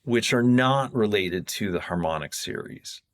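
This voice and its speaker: A man on a podcast as a guest sound designer, casually explaining technical ideas in a rambling, self-correcting way. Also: measured pace. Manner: rambling, self-correcting, jumps in pitch when excited.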